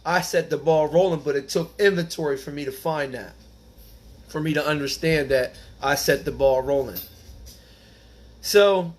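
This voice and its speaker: A man telling his own recovery story in an earnest, halting way, often restarting his words. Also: a little high. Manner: earnest, halting, rises when reading the text aloud. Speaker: recovery group speaker. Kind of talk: personal testimony.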